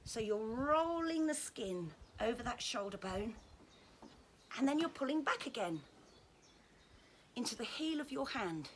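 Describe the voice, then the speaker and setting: A fairly high-voiced woman talks through a touch-therapy demonstration in a gentle, chatty way, tossing in little jokes as she goes. There is a faint hiss of noise behind her voice. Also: animated, a little slow, long pauses. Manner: gentle, friendly, joking asides. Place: indoors at home during lockdown.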